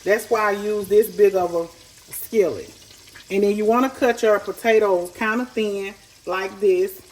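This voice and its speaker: A woman's voice: medium pitch, fairly even intonation, unhurried, darkish tone, rough recording. A woman, chatting folksy and direct to viewers as she cooks at home. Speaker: home cook. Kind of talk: casual cooking tutorial. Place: home kitchen. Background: faint sizzling pan.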